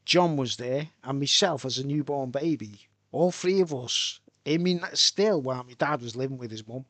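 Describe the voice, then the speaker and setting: A man's voice: medium pitch, moderate pace, fairly bright tone, dry recording. A man from Birkenhead with a Merseyside accent, chatting casually on a live stream and tagging "right?" onto his sentences. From Birkenhead, England. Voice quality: chatty, repeats "right?" often. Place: home, tent with soundproof tiles.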